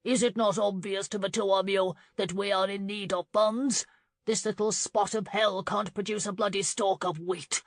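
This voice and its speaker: A man's voice: high-pitched, flat delivery, moderate pace, no room sound, clean studio sound. A woman voicing a corpulent, greedy uncle who bellows and blusters in an audiobook scene. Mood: blustering. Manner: loud, bellowing and defensive. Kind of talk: audiobook character reading.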